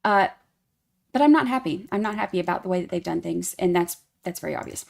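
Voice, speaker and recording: A woman's voice: mid-range voice, fast talker, creaky. A woman hosting a casual true crime livestream, greeting members by name in a singsong tone and rambling with fillers and restarts.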